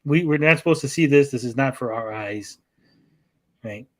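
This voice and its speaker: A man's voice: mid-range voice, normal speed, a bit bright. A man hosting a reaction stream, telling a long story in casual chat, often ending sentences with "right?" and acting out quoted lines in a raised voice. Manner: acts out quoted exchanges in a raised voice.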